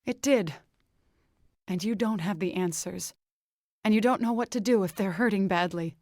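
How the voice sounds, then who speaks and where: An actress voicing a stubborn, defensive young farmer woman in a fantasy video game, talking with hesitant pauses. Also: medium pitch, a little mellow, no room sound, studio quality, natural voice. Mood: earnest. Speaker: game companion character.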